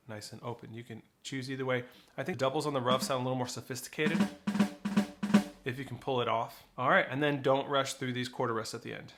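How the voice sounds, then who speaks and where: A man's voice: medium pitch, steady tone, a little fast, over loud music. A man teaching snare drum technique, explaining flams and rolls and counting rhythms aloud. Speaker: percussion teacher. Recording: loud drumming behind the voice.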